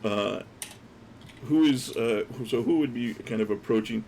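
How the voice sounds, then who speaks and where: A man's voice: medium pitch, moderate pace, creaky, a little mellow, slight background noise. A man running a tabletop game as dungeon master, narrating loosely with many fillers and restarts.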